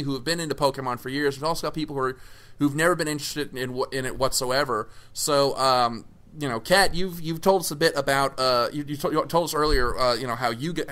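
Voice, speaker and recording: A man's voice: medium pitch, sharp tone. A man hosting a casual podcast who rambles through restarts and fillers and swears offhandedly. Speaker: podcast host.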